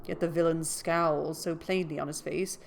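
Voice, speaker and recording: A woman voicing a pompous, self-righteous older gentleman who blusters indignantly while reading a story aloud. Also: sits low, steady tone, normal speed, vocal fry, a little hiss or hum.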